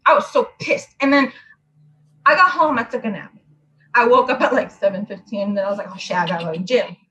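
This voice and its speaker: A woman in her twenties telling a story in casual chat, blunt, profane and animated. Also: mid-range voice, fast, a little hiss or hum, rough recording. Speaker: host.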